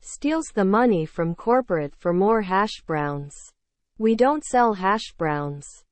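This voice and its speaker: A woman's voice: medium pitch, dry recording. A woman playing a resentful former cook speaking broken English. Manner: broken English, plain and earnest. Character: former diner cook testifying against her boss, resentful.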